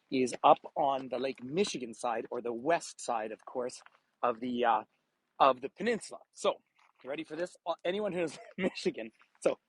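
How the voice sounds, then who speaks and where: A man's voice: on the high side, breathy edge, low-quality recording. A man guiding a live walking tour vlog outdoors by a frozen bay, chatty, laughing often and greeting viewers by name, filmed on a phone on a gimbal. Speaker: travel tour guide. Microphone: phone camera on a gimbal.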